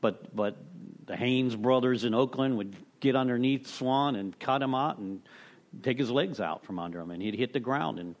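A man's voice: mid-range voice, moderate pace. Rambling middle-aged man telling stories. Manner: rambling, full of "you know" and restarts, salty language. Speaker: recovery meeting speaker. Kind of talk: casual storytelling share.

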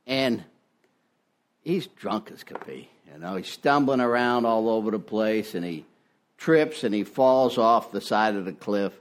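Older guy sharing his story at a meeting, low voice that bounces around a lot, folksy, laughs at himself, headset mic. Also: lively intonation, unhurried. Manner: folksy, self-deprecating, peppered with "you know". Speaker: recovery meeting speaker. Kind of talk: personal testimony talk. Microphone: ear-worn headset mic.

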